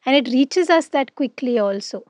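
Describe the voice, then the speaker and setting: A woman's voice: sits high, animated, moderate pace, darkish tone, no echo, clean studio sound. A woman co-hosting a casual career podcast, reflective and often checking in with "right?". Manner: reflective, frequent "right?" tags. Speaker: podcast co-host. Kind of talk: casual conversation.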